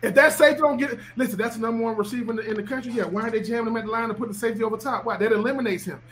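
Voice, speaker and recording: High-voiced emphatic man. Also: racing, a bit bright. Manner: emphatic, preachy, repeats himself. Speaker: podcast guest, former football player. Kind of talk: animated podcast talk.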